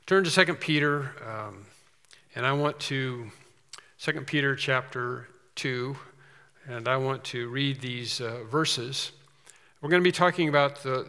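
Emphatic preacher in a reverberant hall. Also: male voice, medium pitch, bright, forceful tone. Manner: earnest, emphatic preaching with rising stresses. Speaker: pastor. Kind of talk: sermon.

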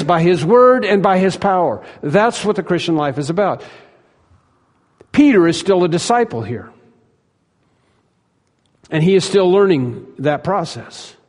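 Pastor, homem, sermão enfático, voz meio aguda, salão reverberante. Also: male voice, high-pitched. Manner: emphatic, repeats phrases for stress, acts out quoted lines. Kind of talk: sermon.

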